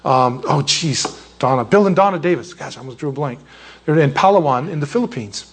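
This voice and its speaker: A man's voice: on the high side, lively intonation, fairly quick, breathy edge. A male pastor giving a sermon in a rambling, conversational way, often losing his train of thought.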